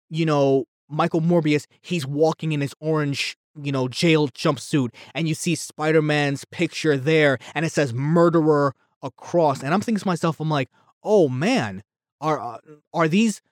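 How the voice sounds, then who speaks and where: A man's voice: fairly high pitch, fairly even intonation, moderate pace, no room sound, clean studio sound. A man ranting casually about a movie, heated and rambling, with frequent stumbles and restarts. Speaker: movie reviewer.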